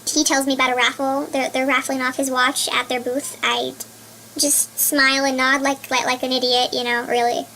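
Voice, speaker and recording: A young woman chatting through a personal story, her voice pitched high and ringing bright. She talks in an excitable, rambling way, stumbling and restarting often. A faint hiss sits under the recording. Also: moderate pace, rough recording. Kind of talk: casual storytelling vlog.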